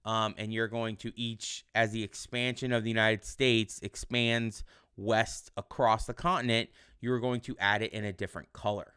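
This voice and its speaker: A male teacher giving casual online class instructions in a relaxed, rambling way with many fillers. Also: on the low side, normal speed, clear, resonant tone.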